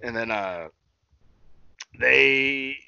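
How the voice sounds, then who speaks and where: A man's voice: medium pitch, extremely slow, creaky, sharp tone, clear, resonant tone, no echo. A man co-hosting a casual wrestling recap podcast, rambling and swearing, full of fillers and restarts. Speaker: podcast co-host. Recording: dull lo-fi sound.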